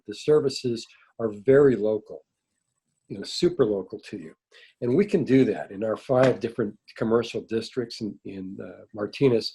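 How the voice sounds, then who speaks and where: A man's voice: medium pitch, mellow, slightly rough. A man running for city council, answering a forum question on a video call in a reflective, rambling way with a tickle in his throat.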